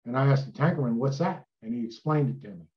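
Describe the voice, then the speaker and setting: An older man from Illinois spins long, rambling river stories in a folksy, unhurried way, full of fillers and little asides. His voice sits at an ordinary middle pitch. The recording sounds a bit dull and lo-fi. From Illinois, USA. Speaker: guest, retired river towboat captain. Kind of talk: casual storytelling in an interview.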